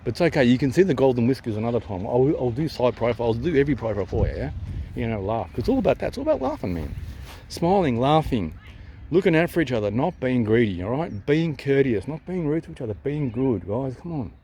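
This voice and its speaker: Ranting Australian man with a lively voice. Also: medium pitch, a little fast, slight background noise. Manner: agitated, swearing, repeats himself, jumps between loud and hushed. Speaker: vlogger. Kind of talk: ranting vlog to camera. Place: outdoors near a town. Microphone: handheld camera at arm's length.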